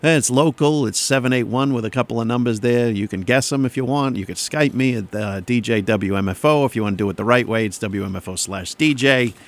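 A man's voice: medium pitch, a little fast, hardly any pauses. A man DJing on radio, rambling and joking between songs from a studio mic. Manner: joking, rambling, self-mocking.

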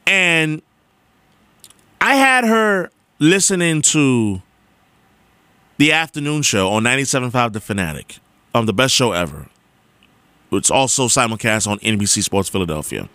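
Like a radio host, a young man addresses listeners directly in an emphatic, repetitive monologue of animated storytelling. His medium-pitched voice keeps a measured pace with frequent pauses, captured in a dry recording.

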